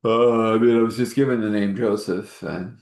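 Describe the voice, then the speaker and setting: Low-voiced man telling a rambling story. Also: fairly even intonation, darkish tone, echoey room. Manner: rambling, halting, with fillers and restarts. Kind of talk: casual improvised storytelling.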